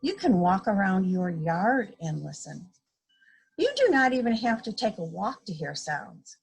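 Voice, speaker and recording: A woman's voice: medium pitch, sing-song, a little slow, creaky, husky. A woman reading a children's picture book aloud on a video call, voicing the book's sound effects expressively. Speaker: guest story reader.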